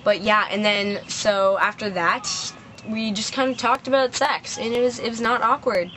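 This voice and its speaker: A woman's voice: on the high side, steady tone, moderate pace, a bit bright, a little hiss or hum. A teenage girl ranting casually to camera, chatty and rambling, full of "like" and "I was like" as she tells a story outdoors. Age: teens. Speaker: vlogger.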